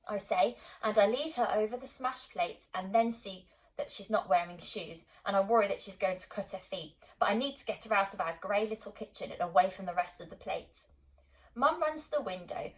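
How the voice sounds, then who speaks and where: A woman reads a novel aloud as an audiobook, in calm, measured narration. Her pitch sits in an ordinary middle register for a woman, and she tells the story steadily and clearly. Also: low-quality recording. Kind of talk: scripted narration.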